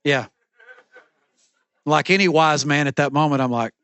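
A man's voice: a little high, a little fast, pauses often, fairly bright tone, no room sound. A middle-aged man preaching a sermon as pastor from a church stage, with an emphatic, repetitive cadence.

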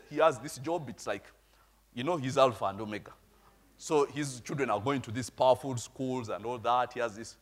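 Husky preacher with a lively voice. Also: male voice, mid-range voice. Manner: storytelling preacher, asks the congregation "eh?". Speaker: pastor. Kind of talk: sermon.

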